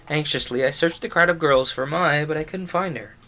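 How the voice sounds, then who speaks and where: A man's voice: a little high, fairly quick, sharp tone, soft background music. A man streaming a visual novel, reading the story aloud and adding chatty, amused commentary. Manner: chatty, amused asides between read lines.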